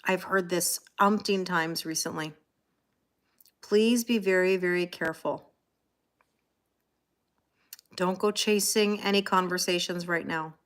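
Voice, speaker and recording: Unhurried and pausing often, this middle-aged woman with a Canadian accent speaks at a fairly low pitch with fairly even intonation. She reads tarot on a live stream in a chatty way, greeting viewers by name and reading their comments.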